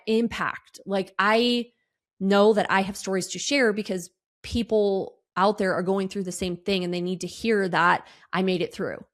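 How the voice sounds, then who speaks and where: Casting: woman in her thirties, middle-pitched, candid rambling podcast host. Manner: candid, rambling, with many fillers and restarts; animated quoted asides in a higher voice. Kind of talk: solo podcast monologue.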